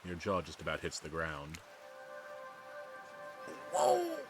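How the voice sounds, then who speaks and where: A man with a deep, low voice reads a game's narration aloud, breaking off for wry, self-deprecating asides. Game music plays clearly underneath. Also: fairly quick, a bit bright. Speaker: gamer reading a dating sim aloud. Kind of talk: let's play reading and commentary.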